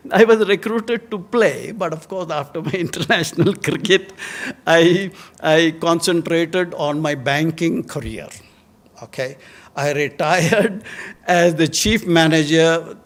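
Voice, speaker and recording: An older man with an Indian English accent, a guest speaker telling lively stories to students and chuckling at his own tales. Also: fairly high pitch, takes it slowly. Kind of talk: anecdotal talk to students.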